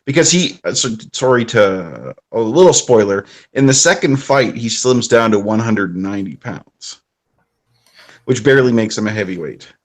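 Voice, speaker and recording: A man's voice: on the low side, animated, normal speed. A man co-hosting a podcast in casual film chat, making dry joking remarks. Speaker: podcast co-host.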